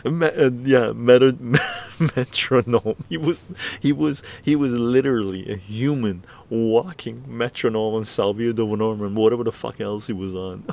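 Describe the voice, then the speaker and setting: A man's voice: medium pitch, normal speed, vocal fry, slight background noise. A man hosting a livestream, telling a story casually with lots of swearing and laughter. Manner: profane, laughing, animated storytelling. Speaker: livestream host.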